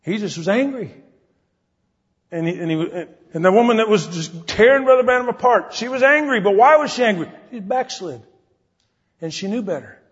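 A man's voice: high-pitched, expressive, normal speed, husky. A man preaching an earnest, folksy sermon, acting out the people he quotes. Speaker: pastor. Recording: dull recording in a hall with long reverb.

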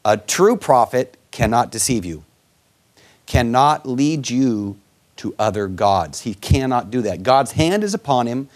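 Animated man teaching scripture. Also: medium pitch, unhurried. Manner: rhetorical questions to his co-host. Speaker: preacher co-hosting a Bible discussion. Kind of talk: conversational Bible teaching.

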